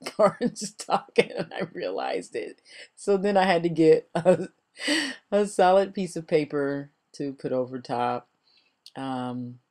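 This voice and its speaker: A woman's voice: a bass voice, vocal fry, a little mellow. An older woman, chatty and rambling, narrating a voice-over for her craft video and laughing often. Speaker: crafting vlogger.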